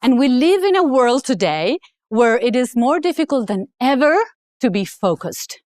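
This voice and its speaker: Animated woman telling a motivational story. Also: fairly high pitch, moderate pace, no room sound. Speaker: author and speaker. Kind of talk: motivational talk with personal story.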